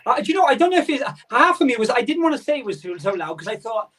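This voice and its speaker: A man's voice: very high-pitched, very animated, very fast, a bit bright, far from the mic, rough recording. A man joining a live stream as a guest over a video call, telling rambling stories. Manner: rambling, storytelling. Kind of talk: casual chat on a video call.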